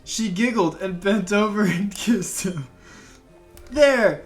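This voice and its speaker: A man's voice: high voice, fairly even intonation, measured pace, soft background music. Young man reading a story with laughter. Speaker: let's play co-host. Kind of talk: reading a story aloud with commentary.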